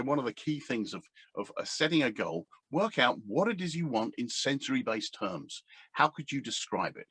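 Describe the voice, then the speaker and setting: Man, coach, husky voice, dry close sound, rambling talk to camera. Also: medium pitch, fairly bright tone, no echo. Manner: rambling and hesitant, with many fillers and restarts. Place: indoors at a table. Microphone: camera standing on the table.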